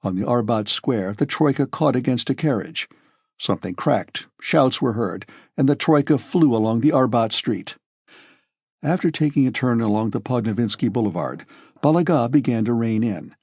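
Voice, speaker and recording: Husky male audiobook narrator. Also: mid-range voice, animated, moderate pace, darkish tone, dry recording, clean studio sound.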